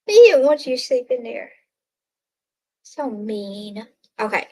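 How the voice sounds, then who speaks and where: Woman, fairly high voice, chatty, giggly, casual livestream host at home. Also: darkish tone. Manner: chatty and giggly, talking to her pet and her chat. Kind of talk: casual live chat with viewers. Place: at home at night.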